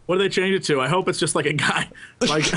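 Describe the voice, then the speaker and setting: High bright jokey podcast dude, voice bouncing all over, light hiss behind. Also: male voice, fast talker. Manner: excitable, jokey, slips into silly impressions. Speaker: podcast co-host. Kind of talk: casual chat.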